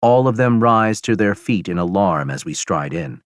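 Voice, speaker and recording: A man narrating a first-person audiobook in a steady, measured storytelling manner on a close studio mic. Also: fairly low pitch, clear, resonant tone, dry recording.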